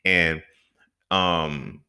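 A man's voice: low-pitched, steady tone, drawn-out words, pushed and bright. A young man hosting a solo podcast, talking in a heated, profane way and often asking the listener if they feel him. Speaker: podcast host. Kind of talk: casual monologue.

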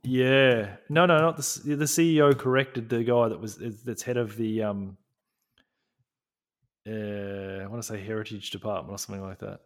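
A man's voice: fairly low pitch, steady tone, moderate pace. Laughing, chatty male podcast co-host. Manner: laughing, swearing, lots of restarts. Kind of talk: casual chat.

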